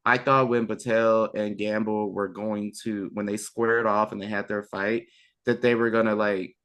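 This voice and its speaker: A young man appears as a podcast guest, his voice fairly low and fairly bright, with little pitch movement and a moderate pace. The talk is casual, and he's chatty and enthusiastic, full of ums, restarts and trailing fillers.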